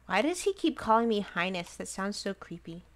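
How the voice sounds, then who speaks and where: A woman's voice: medium pitch, sing-song, fairly quick. A woman streaming a game live, chatting casually and giggling often, with lots of "like" fillers. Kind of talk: casual livestream chat while playing a game.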